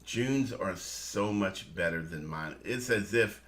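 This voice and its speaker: A man co-hosting a casual morning chat, his voice bright and sharp. His pitch rises and falls in lively swings. He laughs often and speaks to his listeners as family. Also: slow. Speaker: co-host.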